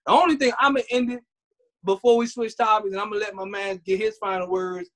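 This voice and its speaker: A woman co-hosting a podcast, full of animated storytelling. She slips into other people's voices to act out everyday scenes, then returns to her casual chat. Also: medium pitch, brisk, slight background noise. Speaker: podcast co-host.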